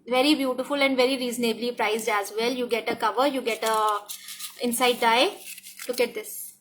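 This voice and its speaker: An Indian woman with a high, bright voice walks through a craft product demo with eager enthusiasm. She repeats herself often and drops into Hindi now and then. Her tone stays lively and keeps inviting you to look closer. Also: moderate pace, a little hiss or hum. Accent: Indian English. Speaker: craft die designer presenting new products. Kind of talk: product demonstration tutorial.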